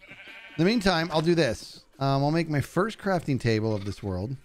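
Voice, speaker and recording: In a fairly high, sing-song voice at normal speed, a man commentates on a game he's streaming live. He keeps up a chatty stream of talk aimed at both his viewers and the animals in the game.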